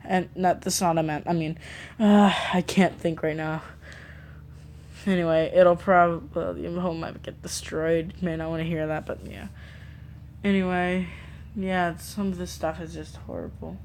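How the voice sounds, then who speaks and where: Lower-voiced woman rambling in a reaction video. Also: level tone, normal speed, darkish tone, slight background noise. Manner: rambling, thinking aloud with many fillers. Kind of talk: casual reaction commentary.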